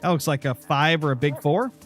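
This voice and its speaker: A young man with a brisk, somewhat bright voice on the high side chats casually while streaming a hunting game, with faint music in the background. He answers viewers' messages as he nurses a sore, dry throat, giving live gaming commentary.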